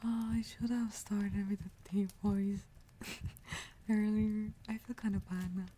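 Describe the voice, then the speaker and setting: Slow, soft-whispering woman streamer. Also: a little hiss or hum. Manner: soft whispering, greets viewers and answers chat; drops into a relaxed lower voice. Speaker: livestream host. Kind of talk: whispered ASMR livestream chat.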